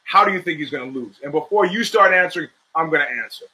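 Bright-voiced opinionated sports podcast host. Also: male voice, a little high, fast, low-quality recording. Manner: rambling, opinionated, restarts mid-sentence; profane, streetwise talk. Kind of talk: casual sports commentary monologue.

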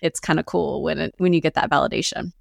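A woman guest on a podcast, chatting casually in a relaxed, loose way with casual swearing. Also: low-pitched, fast talker, vocal fry, no room sound, studio quality.

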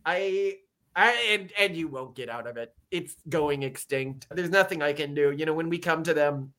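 Bright-voiced sarcastic male podcaster. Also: fairly high pitch, normal speed. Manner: mocking, acts out quoted voices in exaggerated tones. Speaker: podcast co-host. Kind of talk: casual sarcastic commentary.

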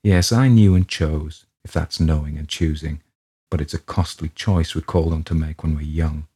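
A weary male writer in his forties, tired of his craft and prone to grumbling, as a man reading the story gives him voice. The voice sits deep and dark with a husky edge. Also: fairly even intonation, normal speed. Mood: petulant. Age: 40s. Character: weary middle-aged male writer, petulant.

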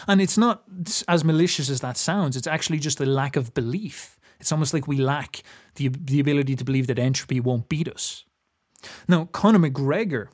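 With a voice on the high side and a darkish tone, this young man from Ireland muses in a reflective, philosophical way. He speaks casually and earnestly in an Irish accent, frequently starting his sentences over.

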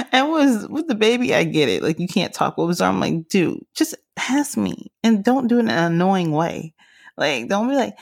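A young woman hosting a podcast, chatting casually in a giggly, teasing, animated way. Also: medium pitch, a little slow, vocal fry. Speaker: podcast host. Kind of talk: casual chat.

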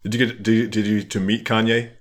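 A man's voice: fairly low pitch, level tone, quick pace. A man hosting a podcast, asking his guest short questions in a casual way. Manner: brief reactions and short questions. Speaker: podcast host. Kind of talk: casual interview.

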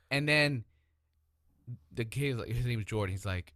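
An animated man co-hosting a casual podcast chat, swearing freely and acting out characters. His voice sits at a middle pitch. The close mic sounds dry. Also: brisk, long pauses, no echo. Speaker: podcast co-host. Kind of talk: casual chat about TV shows.

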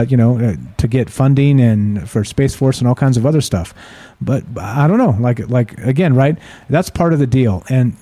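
Hosting a live call-in radio show, a man talks casually and reads stories aloud, rambling with lots of fillers and restarts. His voice is medium in pitch and dark in tone, with no room sound.

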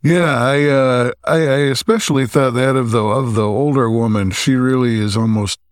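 A man co-hosting a podcast, recapping a story's plot in a relaxed, halting way with frequent pauses. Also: mid-range voice, no room sound, clean studio sound. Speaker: podcast co-host.

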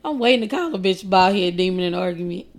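A woman's voice: on the low side, animated, fast. A woman co-hosting a podcast in casual chat, blunt, teasing and profane. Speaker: podcast co-host.

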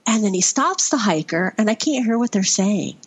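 A woman's voice: mid-range voice, animated, moderate pace, breathy edge. A middle-aged woman from Vermont, a podcast guest, telling a story in a rambling, fond way with many fillers. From Vermont, USA. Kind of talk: conversational storytelling.

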